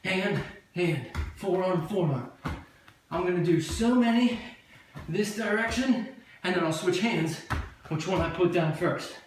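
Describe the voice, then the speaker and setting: A woman's voice: on the low side, lively intonation, measured pace. Upbeat woman coaching a workout in an echoey room. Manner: upbeat, chatty and jokey, cueing moves as she does them. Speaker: fitness instructor. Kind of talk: workout coaching while exercising. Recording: very echoey room, distant mic, audible noise.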